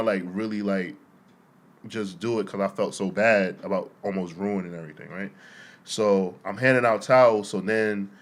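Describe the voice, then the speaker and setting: A young man, a podcast co-host, telling stories in casual chat, laughing often and acting out what people said. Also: fairly low pitch. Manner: animated, laughing, quotes people in voices.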